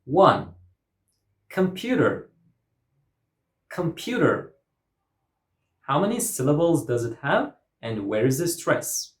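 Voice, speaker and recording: A woman's voice: rumbling low, very animated, normal speed, few pauses. A woman teaching English pronunciation, saying each word several times and drawing out its syllables. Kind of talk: slow, careful teaching with repeated model words. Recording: roomy echo.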